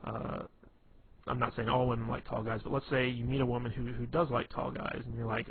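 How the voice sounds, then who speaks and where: A man's voice: mid-range voice, little pitch movement, a little fast, vocal fry. A man giving casual dating advice, rambling with lots of fillers, restarts and "you know". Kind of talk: casual instructional talk. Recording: tinny phone-quality recording with faint hiss.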